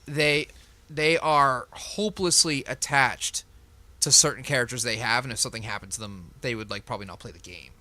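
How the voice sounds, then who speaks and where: A man's voice: medium pitch, a little fast, sharp tone, no room sound. A man who runs a tabletop game, chatting with his group in an emphatic, reflective way and laughing often. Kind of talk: casual group chat.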